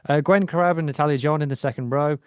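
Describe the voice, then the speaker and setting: A podcast co-host with a smooth, somewhat high voice talks quickly and enthusiastically about rugby in casual sports chat. He rambles at length with frequent ums, and there is no room sound.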